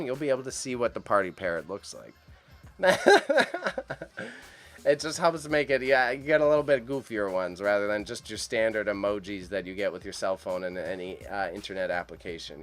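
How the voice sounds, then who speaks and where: A man at a mid-range pitch hosts a casual live stream and talks straight to his viewers in the chat. He sounds excited and uses plenty of slang. Faint music plays underneath. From Canada. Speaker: live-stream host reacting to an auction.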